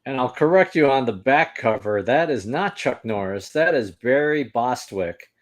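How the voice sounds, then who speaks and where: Regular-pitched guy hosting a chat, halting, lots of ums and uhs. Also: animated. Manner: halting, many fillers, laughs while talking. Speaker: host. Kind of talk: casual chat.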